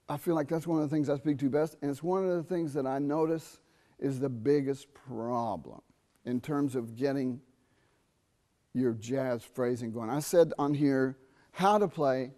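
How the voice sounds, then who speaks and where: Brief: middle-aged male trumpet teacher, animated masterclass delivery, sings phrases to demonstrate. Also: fairly high pitch. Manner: animated, sings rhythms and asks students quick questions. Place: university theatre.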